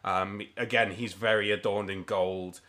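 A man's voice: fairly low pitch, steady tone, a little slow, a bit bright. A man narrating a tabletop game as game master, casual and full of ums and swearing.

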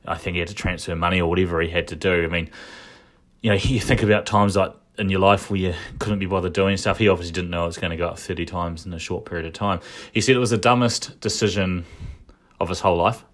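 Deep-voiced man giving casual commentary. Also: fairly even intonation, quick pace. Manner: thinking aloud, frequent restarts and asides. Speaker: commentator recapping a shareholder meeting.

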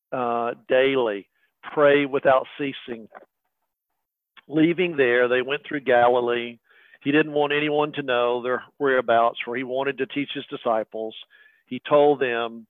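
A man's voice: medium pitch, dry recording. Man preaching over a tinny line. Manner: conversational preaching with fillers and asides to the congregation. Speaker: pastor. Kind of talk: sermon. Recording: tinny phone-like radio broadcast.

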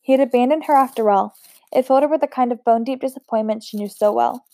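A woman's voice: fairly high pitch, fast, dark tone, no echo. A woman reading a novel aloud in an unpolished way, with occasional slips and restarts. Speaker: amateur reader.

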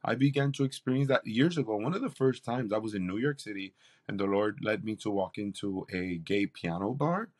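A man's voice: lowish voice, lively intonation, brisk. A man, a campus pastor, telling a faith story in an interview with an earnest, preacherly delivery. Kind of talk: interview testimony.

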